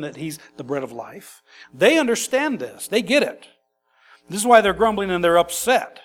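A man preaching an expository sermon in a conversational, animated way, acting out quotes and adding quick asides. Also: fairly high pitch. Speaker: pastor.

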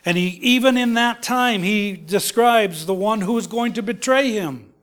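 High-voiced man preaching with passion. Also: unhurried. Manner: impassioned preaching, rises and drops to hushed tones. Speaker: pastor. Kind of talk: sermon.

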